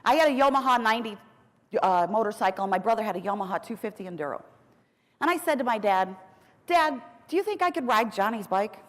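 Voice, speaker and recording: Lively, humorous woman speaking in a hall. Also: on the high side, quick pace. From United States. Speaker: keynote speaker. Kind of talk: storytelling keynote speech. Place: large conference hall. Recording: long reverb of a large hall.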